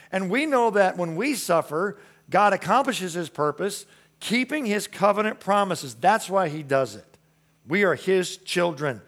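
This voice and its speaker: A preacher delivering a sermon with emphatic, repeated phrases. He swings from strong declarations down to quiet, soft lines, in a voice pitched somewhat high for a man. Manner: emphatic, repetitive, swings between loud and soft. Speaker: pastor.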